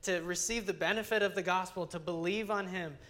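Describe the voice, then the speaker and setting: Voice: medium pitch, steady tone, fairly quick, fairly bright tone. A young adult Bible teacher giving a conversational sermon, earnest and chatty, often restarting phrases and using fillers.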